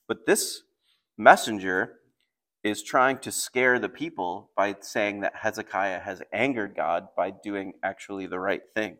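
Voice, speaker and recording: Delivering a sermon, a pastor alternates plain explanation of a passage with scripture readings that grow more intense. He speaks unhurriedly in a fairly low, slightly bright voice.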